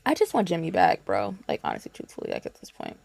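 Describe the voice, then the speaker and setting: A woman's voice: low-pitched, huge pitch swings, fast talker, creaky, a little mellow. A woman co-hosting a wrestling podcast, talking loosely and profanely with lots of filler ums. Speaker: podcast co-host. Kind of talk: casual wrestling chat.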